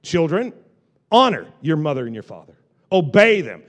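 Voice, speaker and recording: A male pastor preaching a lively sermon to a live congregation, repeating phrases and joking with the people in the pews. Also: fairly high pitch, moderate pace. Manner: animated preaching with repetitions and asides to the congregation.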